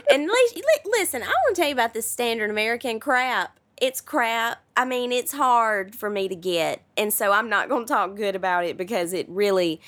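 A woman with a Southern US accent co-hosting a casual chat show, chatty and animated, with trailing fillers. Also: a little high, moderate pace, few pauses. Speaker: co-host.

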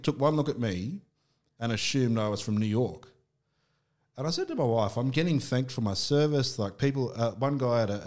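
A man's voice: lowish voice, a little mellow. A middle-aged Australian man telling personal stories candidly in casual conversation, with frequent restarts. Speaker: podcast guest.

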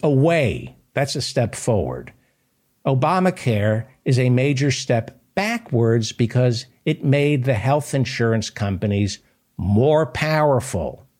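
A man hosting a political commentary show, delivering an impassioned, sarcastic monologue in a husky voice. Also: medium pitch, big pitch swings, slow, a little mellow.

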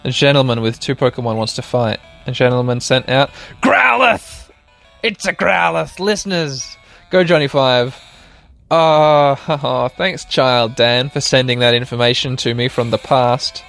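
A man's voice: mid-range voice, fairly bright tone. A man hosting a podcast while playing a video game, chatty and self-mocking, talking straight to his listeners and laughing often. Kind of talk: casual let's-play commentary.

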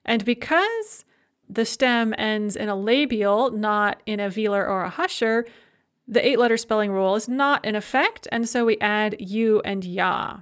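A woman teaching a language grammar lesson, explaining verb forms in a clear, methodical way and slowing down to spell out each form. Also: medium pitch, a bit bright. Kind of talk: recorded grammar lecture.

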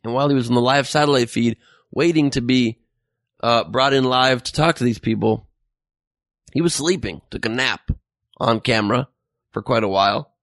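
A man's voice: mid-range voice, moderate pace, pauses often, fairly bright tone, no echo, studio quality. A man hosting a satirical comedy show, ranting with sarcastic incredulity. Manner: sarcastic, incredulous, mock rants. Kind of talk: satirical monologue.

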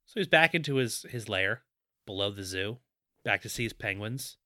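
Lively, bright-voiced male podcast co-host. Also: lowish voice, moderate pace, no room sound, studio quality. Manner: animated, jokey, acts out quoted characters. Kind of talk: casual movie recap chat.

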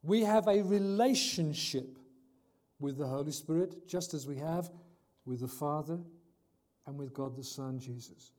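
A man preaching a sermon, reading scripture and explaining it, pressing his points hard and then dropping to a quiet close. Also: fairly high pitch, measured pace. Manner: emphatic, swings between loud and soft; reads scripture aloud, corrects himself.

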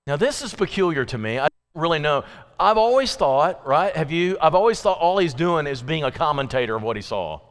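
A man preaches an evening sermon in a church sanctuary, the recording carrying long hall reverb. He speaks briskly with big pitch swings, chatting with listeners, asking them questions, and acting out quoted voices through sudden leaps in pitch.

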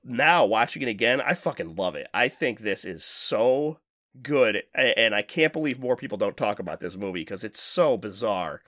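A man's voice: lowish voice, expressive, moderate pace, a bit bright, dry recording. Man, podcast co-host, casual rambling chat, swears a lot, dry close sound.

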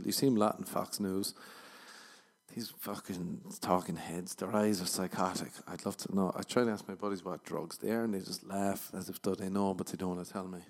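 Man, podcast host, fairly low voice, crude self-mocking comedy, rambling monologue.

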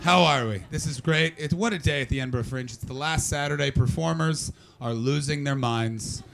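A man with a fairly high voice and vocal fry does stand-up at a moderate pace in a comedy club cellar, with slight background noise. He's brash and profane, animatedly telling stories and poking fun at the audience.

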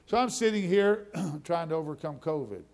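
A man's voice: fairly high pitch, expressive, unhurried, darkish tone. A middle-aged man preaching a testimony sermon, telling his story in a conversational way that builds into fervent preaching.

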